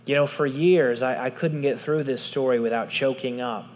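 A man preaching a sermon in earnest, dropping to soft hushed tones for emphasis. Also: medium pitch, fairly even intonation, moderate pace, hardly any pauses, long reverb tail. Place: large hall with audience.

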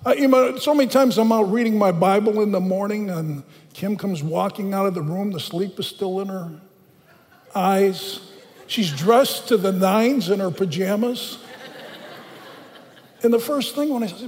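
A man preaching a conversational sermon in a church, slowing down to read scripture aloud. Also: high voice, darkish tone, long reverb tail. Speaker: pastor.

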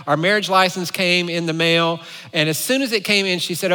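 A man preaching a sermon as pastor, a playful, animated storyteller speaking to his congregation in a church. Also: sits high, brisk, long reverb tail.

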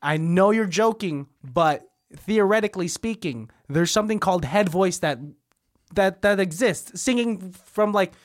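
A man's voice: high voice, unhurried. A man hosting a podcast, talking candidly and with self-deprecating humor in a casual chat. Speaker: podcast host.

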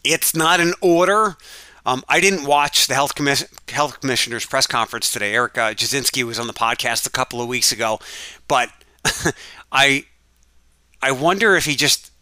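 A man's voice: medium pitch, moderate pace, sharp tone, no echo. A man hosting a podcast from his home, giving an earnest, rambling monologue with frequent restarts. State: isolating at home. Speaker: podcast host. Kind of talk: casual monologue.

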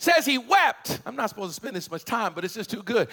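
A man preaching a sermon in a church, with rising shouts and chanted, repeated lines. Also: high-pitched, very animated, fairly quick, creaky, few pauses. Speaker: pastor. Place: church sanctuary.

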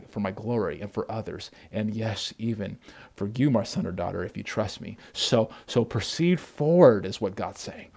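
A man voicing God as a gentle, reassuring father figure. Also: on the low side, voice pushed down. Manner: soft, reassuring, slow.

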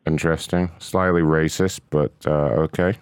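A man's voice: rumbling low, fairly even intonation, moderate pace, smooth, dry recording, studio quality. A man hosting a prank call show, talking in crude, mocking, rambling banter. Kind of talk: casual profane banter.

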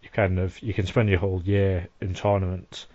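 Man, podcast host, lowish mellow voice, dry dull recording. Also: level tone, normal speed, no echo. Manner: conversational, asks leading questions. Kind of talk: casual interview.

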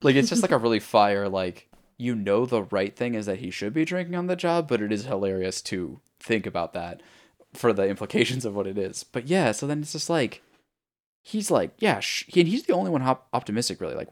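A man's voice: mid-range voice, sing-song, brisk. A man co-hosting a podcast, retelling a video game story in a rambling, profane way with lots of fillers. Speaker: podcast co-host. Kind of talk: casual chat about a video game.

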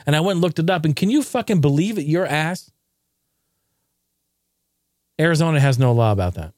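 A man's voice: fairly high pitch, brisk, dry recording, studio quality. Swearing man telling a story on camera. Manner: animated, profane, jokey, rising to outraged bursts. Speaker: vlogger.

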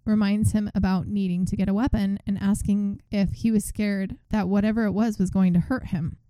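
Woman podcaster retelling a story, dark mellow voice, dry room. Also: medium pitch, moderate pace, no echo, rough recording. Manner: animated retelling, reenacts quotes. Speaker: podcast co-host. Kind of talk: casual storytelling.

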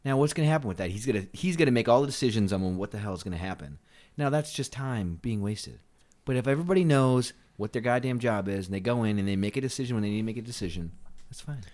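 A man with a low voice talks fast in casual podcast chat. His pitch swings widely as he makes his point emphatically, swearing as he goes. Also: animated, darkish tone.

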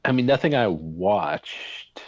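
A man's voice: lowish voice, lively intonation, slow, dry recording. A man co-hosting a casual podcast chat, laid-back and giving brief replies. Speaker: podcast co-host. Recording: dull lo-fi audio.

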